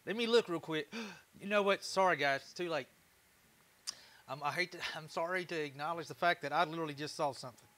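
Bright-voiced Texan man chatting on a livestream. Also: on the high side, brisk. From Texas. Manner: laid-back, laughs often, swears casually. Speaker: livestream host, woodturner. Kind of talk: casual livestream chat.

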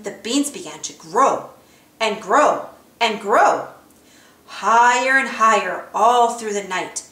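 Woman storybook reader for children; expressive read-aloud, roomy sound. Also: a little high.

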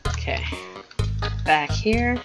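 Brief: relaxed female gamer, lively pitch, unhurried pace, chatty commentary over game music. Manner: chatty, reads game text aloud, apologetic asides. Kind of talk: casual let's-play commentary.

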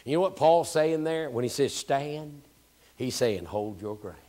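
A man preaching a sermon as pastor. He moves between hushed, almost whispered lines and loud, emphatic, repeated phrases. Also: mid-range voice, animated, measured pace. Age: 60s. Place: church.

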